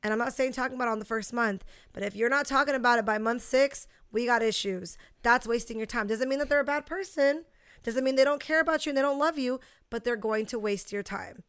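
A woman's voice: a little high, fast, fairly bright tone, smooth, no room sound. A young adult woman co-hosting a podcast, talking bluntly and swearing freely as she tells stories in casual chat. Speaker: podcast co-host.

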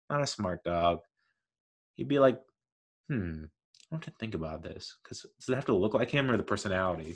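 A man talking casually as a video host, rambling and correcting himself, with frequent chuckles. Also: fairly low pitch. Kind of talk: casual commentary.

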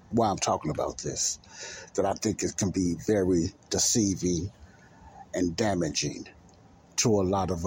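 Earnest low-voiced man hosting a Christian talk show. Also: darkish tone, slight background noise. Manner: earnest, repetitive, addresses listeners directly. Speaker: podcast host.

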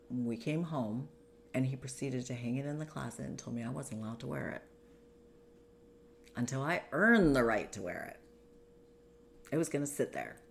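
A woman's voice: rumbling low, creaky, a little hiss or hum. A woman telling her own story in an interview, in a conversational way, acting out what others said.

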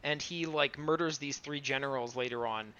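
A man's voice: mid-range voice, normal speed, bright, forceful tone. A man co-hosting a casual anime review podcast, rambling and sarcastic, swearing as he recaps the plot. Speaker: podcast co-host. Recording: dull lo-fi sound.

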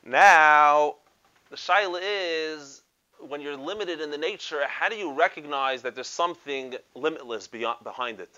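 A rabbi gives a Torah lecture in a bright, slightly high voice. He peppers his with Hebrew and Yiddish terms and keeps checking in with rhetorical questions. The recording sounds a bit dull and lo-fi. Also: moderate pace. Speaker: rabbi teaching a class.

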